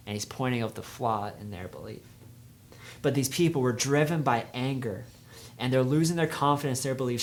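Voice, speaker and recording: A man's voice: mid-range voice, a little hiss or hum. Young male youth speaker, casual storytelling sermon, energy rising and dropping. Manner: conversational storytelling, swings from energetic to hushed.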